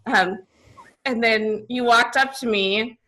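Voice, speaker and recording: A woman's voice: on the high side, takes it slowly, bright, forceful tone, poor audio. A young woman telling a story as a podcast guest, bubbly and giggly, saying "like" a lot. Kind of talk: casual storytelling.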